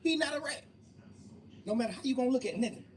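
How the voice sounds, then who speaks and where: Fast-talking man telling his story heatedly. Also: very high voice, expressive. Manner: emphatic, profane, repeats phrases. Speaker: interview guest. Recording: distant mic with faint room noise.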